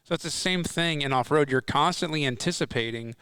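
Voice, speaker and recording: A man, a racing guest on a podcast, explaining his sport in a relaxed, thoughtful way with some restarts. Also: fairly high pitch, fairly quick, clean tone, dry recording. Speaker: off-road racing team owner, guest. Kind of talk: casual podcast chat.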